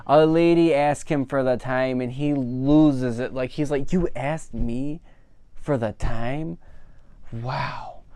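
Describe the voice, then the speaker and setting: A man talks through a movie in a loose, chatty way, leaning on "like" and "you know" as he goes. His voice is smooth and resonant. It sits close and dry, with no room sound around it. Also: medium pitch, no echo. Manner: animated, laughing at the funny parts. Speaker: movie reviewer. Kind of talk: casual spoken film review.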